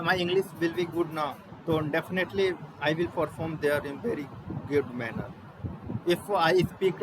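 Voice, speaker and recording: Young Indian man, fairly high voice, hesitant practice monologue, loud traffic behind. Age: young adult. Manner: halting, searching for words, mixing in Hindi. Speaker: student practicing spoken English. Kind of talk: self-recorded practice monologue. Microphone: laptop microphone.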